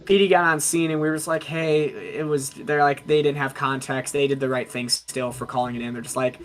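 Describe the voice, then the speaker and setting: A young man with a slightly high voice tells umpire stories on a casual podcast. He is animated and jumps into character voices for the quotes. He talks as an umpire explaining the game. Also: brisk. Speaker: baseball umpire and podcast host.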